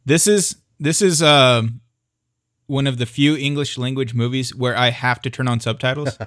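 A man's voice: medium pitch, moderate pace, a bit bright, dry recording, studio quality. A man in a casual group chat, wry and a little hesitant, with self-mocking humor.

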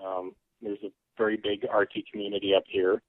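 A man's voice: on the low side, little pitch movement, brisk, no echo. A man from Alaska, a guest on a podcast, chatting in an easygoing, hesitant way with many ums. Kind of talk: casual conversation. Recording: phone-line call audio.

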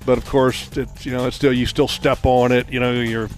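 A man co-hosting a casual radio chat, rambling with many restarts and getting excited about food. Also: mid-range voice, fairly quick, faint music behind. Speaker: co-host.

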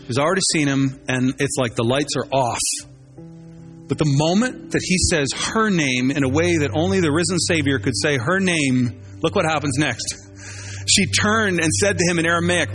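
Animated man preaching a sermon. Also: fairly high pitch, moderate pace, faint music behind. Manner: animated, conversational, acts out voices of biblical figures. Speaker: pastor.

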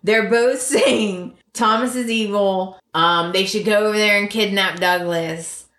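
Slow-talking woman in an echoey room. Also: mid-range voice, steady tone, a bit bright. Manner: slow, emphatic, laughs often. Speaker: podcast co-host. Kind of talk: casual chat recapping a soap opera.

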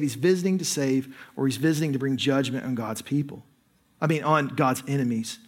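High-voiced man preaching a sermon. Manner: conversational preaching with frequent "right?" asides. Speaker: pastor.

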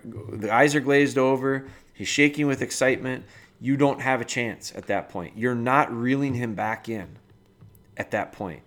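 A man talks through dog-training advice in a relaxed podcast chat. He leans on everyday analogies and addresses the listener directly. His pitch sits in an ordinary middle range for a man.

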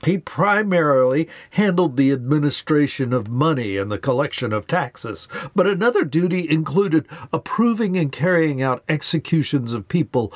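A man's voice: on the high side, lively intonation, moderate pace, hardly any pauses, no echo. A man retelling a Bible story in an earnest scripted way, raising his voice to act out quoted lines.

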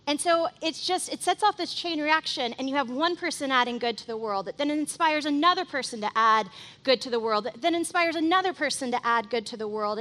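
A woman preaching a conversational, animated sermon, often saying "like" as she tells a story and reads scripture. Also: high voice. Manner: conversational and animated, heavy use of "like". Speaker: pastor.

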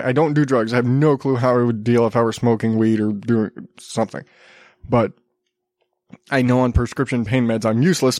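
A man's voice: medium pitch, dry recording. A man in his thirties, a podcast host talking casually about news stories, rambling with wry asides and chuckles, a little sick. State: slightly sick, coughing.

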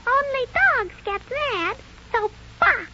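Squeaky, sassy, grouchy squirrel for an old radio play, slow taunting delivery, muffled lo-fi sound with faint hiss. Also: sing-song, pushed and bright, heavily acted. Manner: taunting sing-song rhymes, hoarse chuckles. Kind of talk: 1930s radio drama acting.

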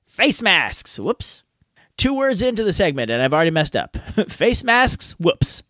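Goofy high-voiced man with a lively voice. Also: measured pace, a little hiss or hum. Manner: goofy, playful, self-mocking, scatting nonsense. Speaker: podcast host. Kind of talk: casual outtakes chat. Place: hot home garage.

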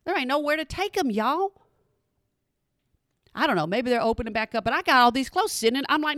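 A woman's voice: high voice, expressive, fairly quick, long pauses, a bit bright, dry recording, studio quality. A woman hosting a podcast, chatting casually and directly to her listeners. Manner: chatty, keeps addressing listeners as y'all. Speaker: podcast host. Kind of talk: casual solo chat.

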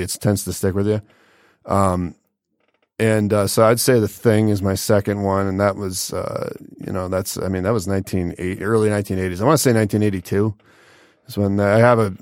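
A man's voice: deep voice, dry recording, clean studio sound. A man hosting a casual solo podcast, rambling and swearing freely, with plenty of filler words. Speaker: podcast host.

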